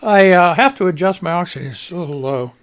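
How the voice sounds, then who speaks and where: A man hosts a live radio show in casual, rambling chat, booming out loud greetings and swearing freely. His voice is high-pitched with lively intonation, he talks fairly quickly, and he's audibly short of breath.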